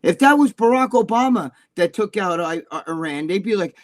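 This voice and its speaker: A man's voice: high-pitched, expressive, brisk, no room sound. A man in his sixties co-hosting a talk show, ranting about politics in a profane, combative, rambling way. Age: 60s. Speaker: co-host.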